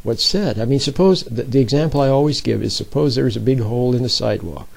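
Husky guy doing a chatty bible talk, kinda rough breathy voice. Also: mid-range voice, fast, rough recording. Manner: informal, checks in with listeners with repeated "see?". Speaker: speaker giving a Bible talk. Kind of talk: conversational sermon.

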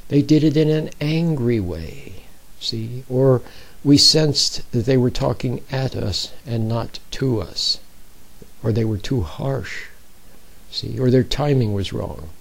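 A man's voice: medium pitch, takes it slowly, creaky, rough recording. A man giving an informal, conversational sermon, often checking in with his listeners. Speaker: speaker giving a Bible talk.

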